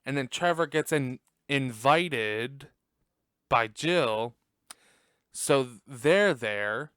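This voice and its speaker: A man's voice: mid-range voice, expressive, extremely slow, a bit bright, smooth, dry recording. A man hosting a podcast, recapping a movie in casual chat, swearing and laughing often, in a room at home on a close desk mic. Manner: chatty, profane, laughs often. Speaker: podcast host.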